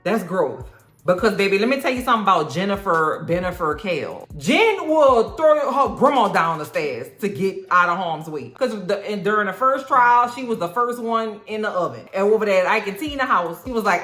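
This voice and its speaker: Woman, casual recap host, slangy and expressive, acts out lines, echoey room with faint music underneath. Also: on the low side, moderate pace. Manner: animated storytelling, acting out characters' lines; slangy, cursing, talks straight to viewers.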